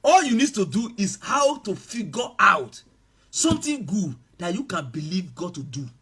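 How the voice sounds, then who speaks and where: A man preaching a sermon, swinging between loud shouted passages and quiet asides. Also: high-pitched, very animated, normal speed, husky. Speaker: pastor.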